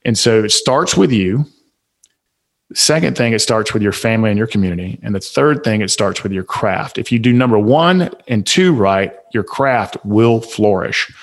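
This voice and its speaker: A man's voice: lowish voice, animated, normal speed. A man with a Southern US accent, a guest on a podcast interview, giving motivational advice in a preachy, emphatic way full of rhetorical questions. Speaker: guest author and speaker.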